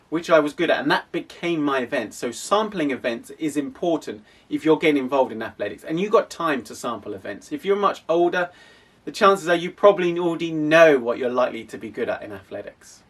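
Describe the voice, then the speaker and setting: A man's voice: fairly high pitch, fairly bright tone, breathy edge, distant mic. A young man from an athletics club, explaining casually with frequent restarts. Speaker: athletics club coach and host.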